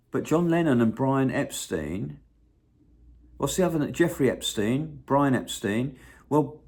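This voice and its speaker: Speaking in a mid-range voice, a man runs his own channel with a loose, rambling monologue. He curses without restraint and keeps breaking into hums and bits of songs.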